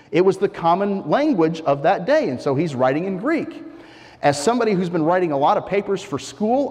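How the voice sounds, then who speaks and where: Guy preaching in a church, kinda high voice, chatty and explaining, lots of echo tail from the hall. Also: a little mellow. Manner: conversational, explains and asks rhetorical questions. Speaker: pastor. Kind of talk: sermon.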